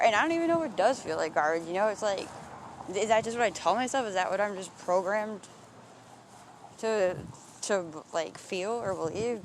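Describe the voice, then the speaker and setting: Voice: medium pitch, a little hiss or hum. A vlogger walking outdoors and thinking aloud in a rambling, introspective monologue, swearing freely and breaking off and restarting thoughts.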